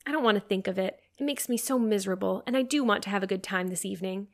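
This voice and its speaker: A woman reading aloud, voicing a gentle, admiring teenage girl friend. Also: medium pitch, quick pace, lightly acted. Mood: fond.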